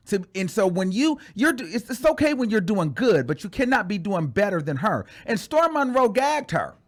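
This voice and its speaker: A young man hosts a gossip commentary show in a high voice. His pitch swings widely as he delivers sassy, dramatic asides.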